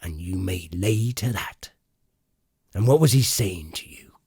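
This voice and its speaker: A man voicing a gruff old sea-cook pirate. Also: fairly low pitch, big pitch swings, darkish tone, no room sound, studio quality, heavily acted. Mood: gruff, commanding. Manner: gruff rolling pirate talk, slow and emphatic. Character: genial cunning one-legged sea cook, middle-aged man.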